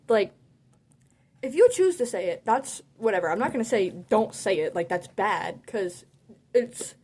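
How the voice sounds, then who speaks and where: Chatty higher-voiced woman telling a story. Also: normal speed, slightly rough. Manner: chatty and animated, heavy use of "like"; laughs often mid-sentence. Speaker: vlogger. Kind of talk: casual storytime chat.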